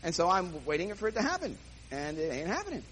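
Animated, high-voiced storytelling comedian. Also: male voice, fast talker, a little hiss or hum, rough recording. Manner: animated, self-mocking, quoting dialogue. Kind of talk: stand-up storytelling.

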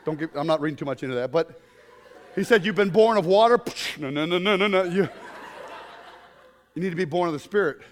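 A man preaching a humorous sermon to a congregation, telling stories in an animated way with bursts of shouting. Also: on the high side, brisk, long pauses, in a large hall, slight background noise. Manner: animated storytelling with comic shouted outbursts. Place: congregation in a room.

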